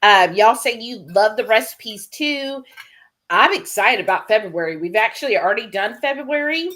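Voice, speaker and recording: A woman's voice: on the high side, animated, moderate pace, fairly bright tone. A woman co-hosting a live cooking stream, chatting casually and reading out viewer comments. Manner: chatty and laughing, lots of "like" and "y'all".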